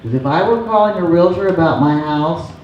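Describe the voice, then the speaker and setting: A woman's voice: lowish voice, animated, brisk. A woman from the office staff adding a practical point at a sales meeting in a direct, matter-of-fact way. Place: meeting room. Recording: very echoey room, distant, dull and muffled, faint noise.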